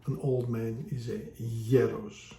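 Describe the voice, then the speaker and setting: A man's voice: medium pitch, measured pace, creaky, mellow, a little hiss or hum. A man giving a casual online language lesson, explaining patiently with wry, joking asides. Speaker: language teacher. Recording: echoey room.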